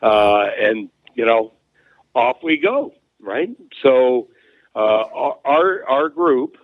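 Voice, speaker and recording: Slow-talking man on a phone line. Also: medium pitch, animated, dry recording. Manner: rambling, many fillers and restarts. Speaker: former hockey player, interview guest. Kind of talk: casual storytelling. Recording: phone-like narrow sound.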